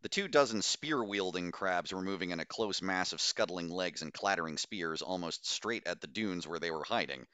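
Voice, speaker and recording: A man narrates a novel in a steady, measured way. His voice sits low, with a forceful, bright edge. The sound is dry and close, with no room around it. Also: clean tone, no echo. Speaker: audiobook narrator. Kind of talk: scripted audiobook narration.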